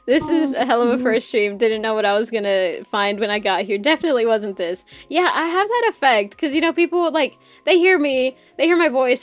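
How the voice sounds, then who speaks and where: A woman streamer chatting casually while she draws, loud and crude, rambling and laughing often. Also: a little high.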